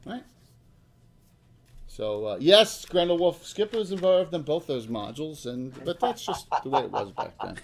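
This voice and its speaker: A man running a tabletop game as dungeon master, halting and full of ums. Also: on the high side, big pitch swings, creaky.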